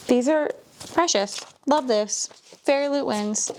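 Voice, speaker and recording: A woman chatting casually as she unboxes books, gushing, gasping and dropping into soft whispers. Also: sits high, slow pace, a little hiss or hum. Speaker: book vlogger.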